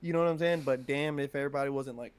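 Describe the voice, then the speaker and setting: A man's voice: mid-range voice, steady tone, very fast, smooth. A man co-hosting a podcast, talking in a laid-back, casual way and swearing freely. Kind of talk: casual chat.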